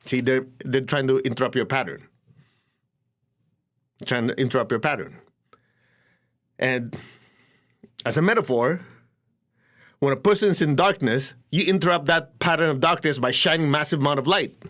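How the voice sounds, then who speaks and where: A man giving a spiritual talk to an audience, at a middle pitch for a man. He tells stories with animation and breaks into quick laughs. He acts out the people in his stories as he goes. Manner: animated storytelling, acts out quoted voices, laughs often. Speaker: spiritual teacher. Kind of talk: lecture to an audience.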